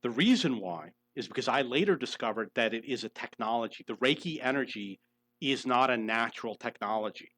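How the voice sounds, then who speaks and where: An earnest middle-aged man speaks in a personal monologue, pressing each point and circling back to repeat it. His voice sits at an ordinary middle pitch. The recording is dry and close, with little room sound. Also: animated, fairly quick, fairly bright tone, no room sound. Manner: earnest, insistent, repeats himself for emphasis. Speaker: channel host telling his own story.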